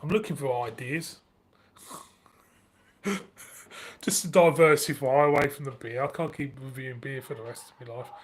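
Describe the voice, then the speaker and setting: A man's voice: mid-range voice, moderate pace, pauses often. A middle-aged man with a northern English accent, chatting casually on a live stream, laughing often and swearing freely. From northern England. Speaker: beer review channel host.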